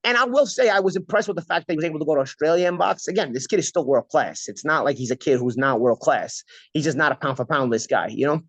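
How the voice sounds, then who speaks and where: A man's voice: fairly high pitch, animated, fast, fairly bright tone, dry recording. A man hosting a casual boxing talk show, stuffed up with a cold, talking bluntly and repeating himself. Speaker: podcast host.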